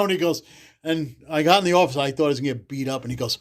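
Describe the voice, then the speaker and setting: A man, a podcast guest telling loud, animated stories in casual chat, cursing freely and acting out the people he quotes. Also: a little high, very fast. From the Bronx, New York. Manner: animated, swears freely, acts out quotes loudly. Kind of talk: casual storytelling.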